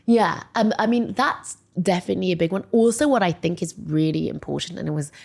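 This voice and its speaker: A woman in her forties, a guest on a podcast, tells a personal story in a casual interview chat, talking a little fast with a creaky voice. She's chatty and animated, sprinkling in lots of "like" and jumping up high whenever she quotes someone. She sounds emotional, close to tears.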